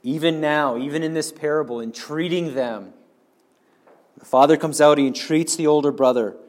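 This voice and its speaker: A man's voice: fairly high pitch, moderate pace, a little mellow. A man preaching a sermon, earnestly explaining and speaking directly to the congregation.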